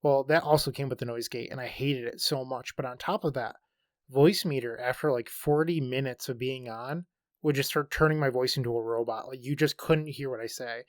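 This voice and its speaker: A man's voice: mid-range voice, steady tone, a little fast, no room sound, studio quality. A man co-hosting a podcast in casual chat, jumping in eagerly to explain things. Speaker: podcast co-host.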